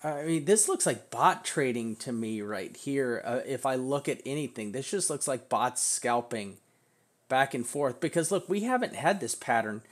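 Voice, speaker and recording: A man's voice: medium pitch, animated, normal speed. A man casually walking through crypto price charts, rambling and restarting his sentences as he thinks aloud. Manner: swears casually. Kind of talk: casual live chart analysis.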